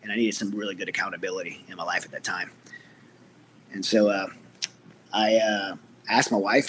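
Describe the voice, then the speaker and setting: A man's voice: lowish voice, a little fast, a bit bright, a little hiss or hum. A middle-aged man, a military veteran, earnestly telling his personal story as an interview guest, with many restarts.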